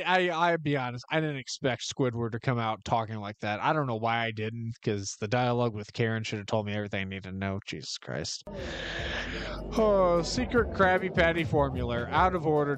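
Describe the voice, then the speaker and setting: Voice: medium pitch, expressive, normal speed, a bit bright, dry recording. Incredulous, swearing gaming streamer. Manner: swearing, incredulous, laughing reactions. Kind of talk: let's-play commentary. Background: game music.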